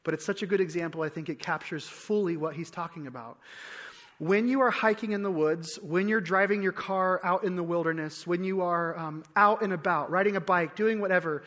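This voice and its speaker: A man preaching a sermon as pastor, conversational with repeated phrases and restarts, dropping soft on key lines. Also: high-pitched. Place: church sanctuary. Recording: long hall reverb.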